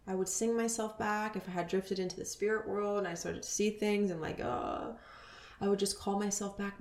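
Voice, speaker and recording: A woman in her thirties hosting a spiritual podcast, talking earnestly and dropping into soft whispers. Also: mid-range voice, steady tone, moderate pace, roomy sound. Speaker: podcast host.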